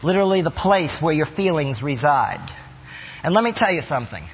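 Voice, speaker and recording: A man preaching a sermon, acting out bits of inner dialogue with animated delivery. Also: fairly high pitch, a little fast, husky, in a large hall, lo-fi sound, soft background music. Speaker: pastor.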